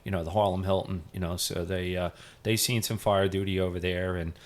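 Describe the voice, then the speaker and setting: A middle-aged man with a fairly low voice, a retired firefighter telling stories as a podcast guest. He talks loosely and rambles, with plenty of fillers. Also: level tone, fairly quick. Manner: rambling, full of "you know" fillers. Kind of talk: casual storytelling interview.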